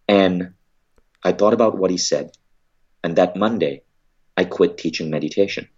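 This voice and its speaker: A man's voice: sits low, moderate pace, long pauses, highs cut off. A man, an entrepreneur, telling a motivational story about his business and book, emphatic and blunt, with casual swearing.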